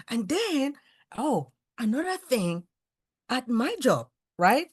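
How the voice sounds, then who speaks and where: A woman talking as a guest on an online talk show, telling animated stories full of asides over a video call. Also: on the high side, slow, slightly rough. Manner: animated storytelling with many asides. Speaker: guest speaker. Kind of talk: casual talk-show chat.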